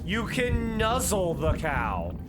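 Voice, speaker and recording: A streamer from the United States talking live over gameplay, emphatic and worked up, repeating key points, at other times reading game text aloud in a playful, mocking way. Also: male voice, high voice, wildly swooping pitch, slow pace, over music. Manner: heated ranting, emphatic repetition.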